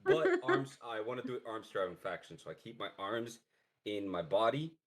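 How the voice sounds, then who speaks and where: A man playing a tabletop game, loud and joking, laughing often. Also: on the low side, fairly quick, crowd noise. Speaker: player. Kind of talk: casual tabletop game chat.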